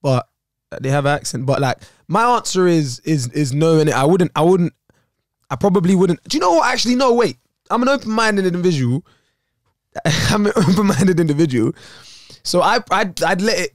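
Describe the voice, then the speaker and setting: A man's voice: sits high, normal speed, no room sound, studio quality. A young man guesting on a podcast, chatting casually in street slang with a playful, laughing manner. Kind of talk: casual chat.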